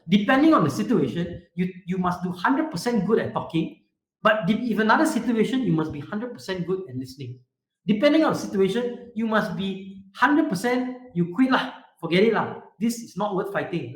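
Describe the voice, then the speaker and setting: An animated man coaching a youth group over a video call. His pitch is high and bounces a lot, and his voice echoes in a roomy space. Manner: animated, asks the group questions, repetitive fillers. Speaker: youth leadership speaker. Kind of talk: online workshop talk.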